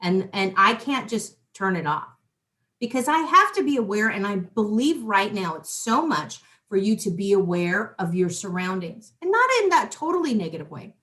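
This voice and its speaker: A woman in casual spiritual chat, animated and repeating herself as she talks. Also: medium pitch. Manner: animated, repeats words, quick asides; former police worker talking spiritual tools.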